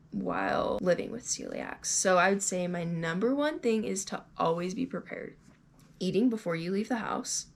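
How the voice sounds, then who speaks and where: Gravelly-voiced young woman, candid vlogger. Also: mid-range voice, a little hiss or hum. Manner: candid, conversational, with fillers. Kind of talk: personal storytelling vlog.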